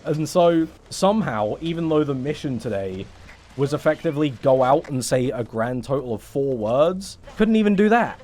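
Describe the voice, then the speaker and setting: A man's voice: mid-range voice, moderate pace, darkish tone, slight background noise. A young English man on a casual livestream, rambling in a sarcastic, sweary way. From England. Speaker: streamer.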